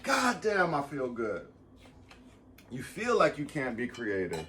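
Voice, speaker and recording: A man rambling through a casual motivational vlog, swearing freely and close to tears. His voice sits at an ordinary middle pitch, jumping to loud bursts and dropping to quiet mutters. A faint hiss of noise hangs under the recording. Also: wildly swooping pitch, takes it slowly. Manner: profane, rambling, swings between loud bursts and soft asides. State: emotional, near tears. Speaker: vlogger.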